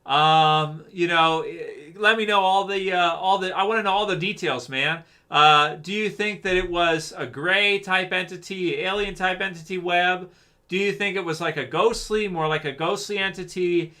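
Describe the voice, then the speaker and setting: A man hosting a casual livestream talks at normal speed in a high, bright voice with a forceful tone. He reads viewer comments and chats loosely, rambling in a laid-back manner, using lots of fillers and calling people "man."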